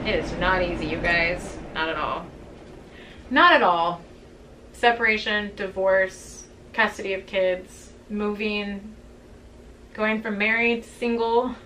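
A woman's voice: medium pitch, steady tone, slow pace, bright, forceful tone, a little hiss or hum. A young woman vlogging a casual tour of her small bedroom, candid and rambling, a bit out of breath, filmed on a handheld phone. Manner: chatty and candid, rambling with fillers. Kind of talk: casual vlog room tour.

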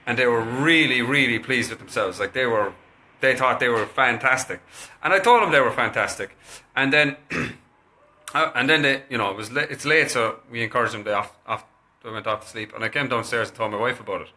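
A man, chatting casually to camera and telling a story in a lively, animated way. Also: mid-range voice, a little fast. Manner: chatty, animated, acts out what he said to his kids. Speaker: kinesiologist recommending a parenting book.

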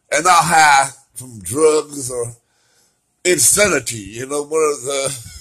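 A husky, bright-voiced man in his late forties rambles casually for a home vlog while lying in bed beside an open window. He's animated, swinging between loud bursts of laughter and soft, low talk.

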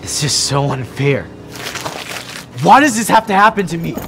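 A man's voice: fairly high pitch, animated, brisk, faint music behind, lightly acted. A young actor playing a teenage boy bully who taunts and sneers. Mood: upset.

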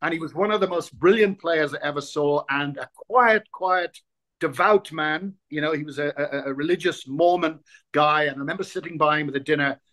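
Irish-born guy in his 60s, interview guest telling old sports stories, voice a bit on the high side, does all the voices. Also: brisk. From Ireland. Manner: lively raconteur, acts out quoted voices, repeats words when reaching for them. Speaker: guest, former rugby player. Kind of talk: anecdotal interview storytelling.

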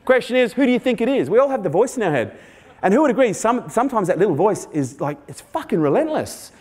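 A man's voice: sits high, very animated, fast, darkish tone, breathy edge. A man giving a motivational keynote, blunt and sweary, quizzing the audience. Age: 40s. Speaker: keynote speaker. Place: stage before a live audience.

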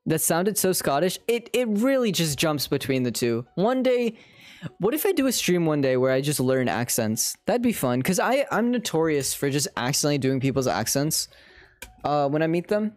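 A man's voice: fairly high pitch, big pitch swings, normal speed, dry recording. A man streaming a game, chatting playfully and swearing while reading lines aloud. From India. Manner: playful, swears, laughs a lot.

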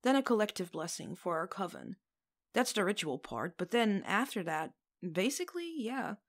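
A woman voicing a calm, earnest coven leader who speaks slowly and solemnly. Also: medium pitch. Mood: matter-of-fact. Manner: slow, solemn speech-making.

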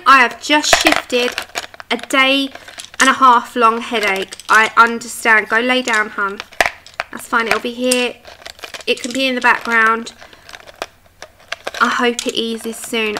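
A woman's voice: fairly high pitch, noisy background. Chatty woman hosting a stream. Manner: chatty, reads comments aloud, coos at her dog. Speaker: livestream colouring host. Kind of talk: casual chat with live chat. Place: home, at her desk.

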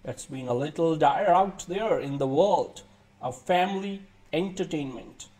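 A man with a notably high voice reads a written film review aloud. His delivery follows the script closely, with the odd stumble where he restarts a word before moving on. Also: expressive, unhurried, darkish tone.

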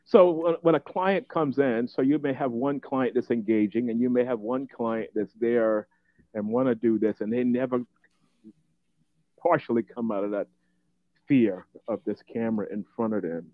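A man's voice: medium pitch, normal speed, no echo, phone-quality sound. A man hosting an interview, asking questions casually and often murmuring agreement. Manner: frequent affirming backchannels. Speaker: interview host.

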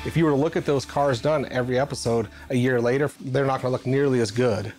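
A man's voice: medium pitch, fairly even intonation, fast, a little mellow, soft background music. A man who paints and details cars at a restoration shop, explaining his work steps in a plain, matter-of-fact way. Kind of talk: reality show interview and work commentary.

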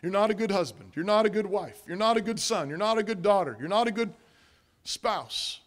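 A man's voice: sits high, lively intonation, brisk. A man preaching a sermon as pastor, emphatic and repetitive, asking rhetorical questions and answering them.

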